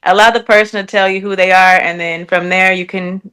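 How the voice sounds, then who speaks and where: A woman's voice: mid-range voice, fairly even intonation, fairly quick, fairly bright tone, clear, resonant tone. A woman from Texas, a guest on a casual podcast, talking in a teasing, playful way with a lot of laughter. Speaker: podcast guest and radio host.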